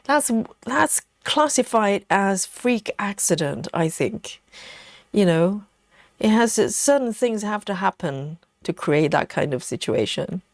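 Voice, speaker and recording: A woman hosting a relaxed live stream from home, chatting with viewers and reading their comments aloud, with plenty of ums and you-knows. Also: mid-range voice, a little slow, dry recording, clean studio sound. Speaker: livestream host. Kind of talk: casual live chat while stitching.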